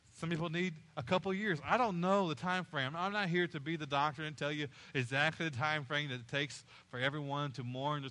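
A man's voice: a little high, a bit bright. A male pastor preaching a sermon, repeating key phrases and rising in passion as he goes.

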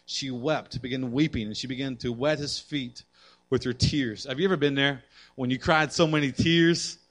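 A man preaching a sermon to women, reading scripture aloud and swinging between loud emphasis and quiet asides. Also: a little high. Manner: addresses the women in the audience directly; reads scripture aloud and comments on it.

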